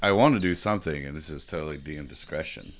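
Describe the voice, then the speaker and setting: A man at a tabletop game with a very deep voice. He delivers his jokes deadpan. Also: quick pace, a little hiss or hum. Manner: deadpan joking. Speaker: player. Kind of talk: tabletop role-play.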